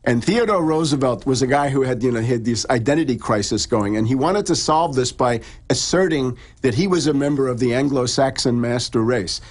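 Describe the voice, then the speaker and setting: A man explaining history at length in conversation, with frequent restarts and fillers. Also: mid-range voice. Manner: long halting explanations with many restarts. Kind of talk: lecturing conversation.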